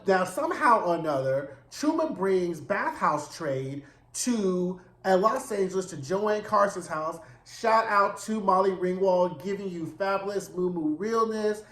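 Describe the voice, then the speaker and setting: Campy, animated man recapping TV. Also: high-pitched, echoey room. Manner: animated, campy and profane storytelling. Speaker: TV recap reviewer. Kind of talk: casual recap monologue.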